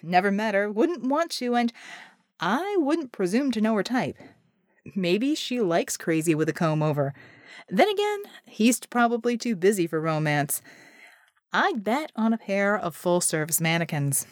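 Brief: woman voicing a laid-back genie man, dry jokes, lively pitch, storybook. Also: a little slow, no room sound. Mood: amused. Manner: dry, joking. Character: smirking male genie, easygoing joker.

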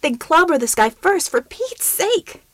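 A woman voicing a brash, tough female agent who talks in loud exclamations. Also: high-pitched, lively intonation, fairly quick, no room sound, pitched above the performer's own voice. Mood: urgent.

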